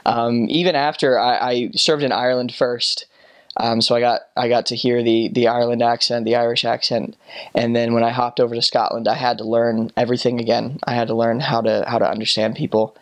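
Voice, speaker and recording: A man in his twenties, a former missionary, talking casually and haltingly about his time abroad. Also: medium pitch. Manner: relaxed, halting, full of fillers. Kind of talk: casual storytelling.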